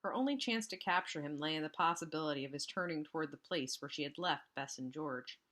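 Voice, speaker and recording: A woman teacher reading a storybook aloud to students, expressive with casual asides. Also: deep voice, brisk.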